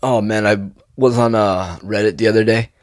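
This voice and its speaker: Young man, casual rambling monologue, laid-back, says dude a lot, lowish voice, dry close sound. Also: steady tone, normal speed, no echo. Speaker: vlogger.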